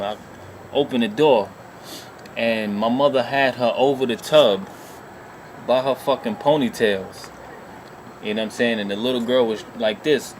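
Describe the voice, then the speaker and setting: A man's voice: medium pitch, a little hiss or hum. A man telling a rambling, profane personal story in a casual vlog, leaning on filler phrases. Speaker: vlogger.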